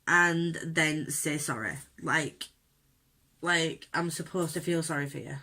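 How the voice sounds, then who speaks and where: A woman with a low-sitting, sharp-toned voice speaks slowly while vlogging at home and doing her makeup. In this unedited get-ready-with-me rant, she tells an upsetting story candidly and indignantly, with lots of fillers.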